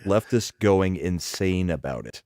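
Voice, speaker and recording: A man co-hosting a casual chat, tossing in short dry remarks and laughing along. His voice is very deep, and the recording is dry and close with no room sound. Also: animated, measured pace, darkish tone, dry recording. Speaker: podcast co-host.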